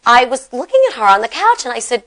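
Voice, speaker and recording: A woman's voice: a little high, sing-song, fast talker, fairly bright tone, poor audio. A woman in her fifties co-hosting a casual chat, talking frankly and laughing often. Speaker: co-host.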